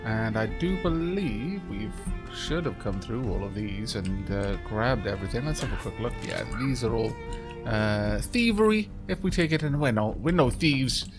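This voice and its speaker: Chatty man with lively pitch. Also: normal speed, over music. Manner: chatty, many ums and uhs, reads game text aloud. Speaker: let's play host. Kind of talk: casual gameplay commentary reading dialogue aloud.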